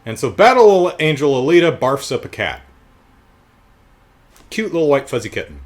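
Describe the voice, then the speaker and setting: A man's voice: on the high side, sing-song, moderate pace. A man giving a casual, jokey TV review, retelling the plot with sarcastic asides.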